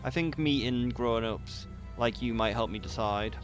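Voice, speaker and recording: A man's voice: medium pitch, a little slow, faint music behind, close to an everyday voice. A man reading aloud the lines of an eager young orphan boy in a game, stumbling over fillers. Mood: excited. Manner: reads the quest text aloud, fumbling with fillers.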